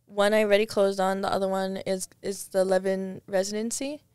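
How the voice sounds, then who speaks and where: A woman's voice: medium pitch, flat delivery, fairly quick, darkish tone, clean tone, no room sound, studio quality. A young woman, a podcast guest, telling stories in a rambling casual chat, full of restarts. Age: young adult.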